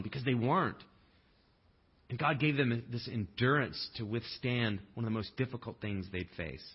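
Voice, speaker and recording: A male pastor with a mid-range, breathy voice preaches a sermon in a relaxed, conversational style, adding humorous asides and acting out quotes. The audio sounds dull.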